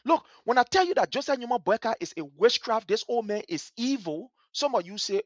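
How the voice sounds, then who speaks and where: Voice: medium pitch, expressive, a little fast, few pauses, dry recording, dull audio. A host with a Liberian accent who comments angrily and passionately on a video during a livestream. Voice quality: passionate, emphatic, repetitive. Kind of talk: angry live commentary over a video.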